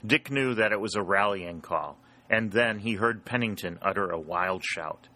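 A man reading an adventure story aloud as its narrator, in a steady, dramatic storytelling manner. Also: lowish voice, moderate pace. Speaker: audiobook narrator. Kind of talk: scripted narration.

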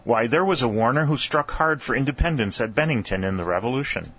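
A man's voice: mid-range voice, animated, quick pace, a bit bright, breathy edge, muffled recording. A man voicing an eager young Union soldier.

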